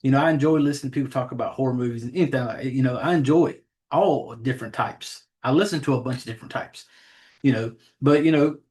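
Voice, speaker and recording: A man's voice: mid-range voice, fast, darkish tone. This is a Southern-accented man hosting a horror movie podcast, a parent with a child of his own. He talks in loose, profane, rambling casual chat, stumbling over names and laughing at himself as he goes. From Southern United States. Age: adult, has a child. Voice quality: rambling, profane, self-deprecating about names.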